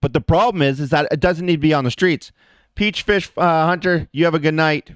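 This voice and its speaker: This livestream host is a man ranting angrily and with plenty of swearing, talking directly to the people in his chat. He sounds a little high and brisk, his voice smooth, and the recording is dry.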